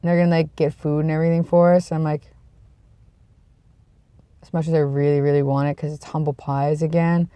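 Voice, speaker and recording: A vlogger with a cold, sniffly and tired, chatting casually to the camera in a rambling, self-deprecating way that trails off into low mumbles. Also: little pitch movement, brisk, pauses often, mellow, smooth, no echo. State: sick with a cold, sniffly and congested; tired and yawning.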